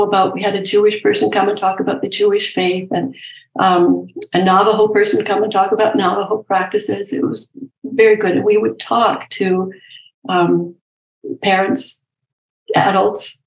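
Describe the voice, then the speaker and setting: An older woman, a nurse and professor, talking candidly and gently as an interview guest, telling stories from her career. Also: medium pitch, echoey room, low-quality recording. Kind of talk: reflective storytelling in conversation.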